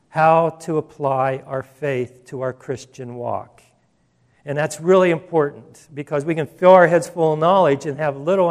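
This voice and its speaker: Emphatic male preacher, slightly high voice. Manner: emphatic, conversational, with asides and restarts. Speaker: pastor. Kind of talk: sermon.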